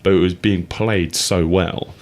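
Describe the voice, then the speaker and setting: A man's voice: deep voice, steady tone, a little slow. A young man co-hosting a casual radio show, rambling enthusiastically and laughing often. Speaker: radio co-host.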